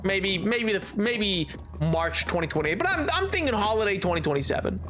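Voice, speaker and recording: A man's voice: high voice, sing-song, a little fast, a bit bright, soft background music. A man streaming a game and chatting casually with his viewers, rambling and often restarting his sentences. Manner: rambling, frequent restarts and stammers. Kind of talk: casual chat with stream chat while gaming. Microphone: headphones on while streaming.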